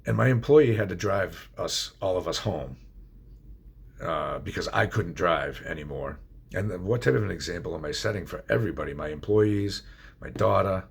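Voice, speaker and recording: Very deep gravelly middle-aged man. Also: expressive, normal speed. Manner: blunt and confessional, swears freely. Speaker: person telling his recovery story. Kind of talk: candid personal storytelling.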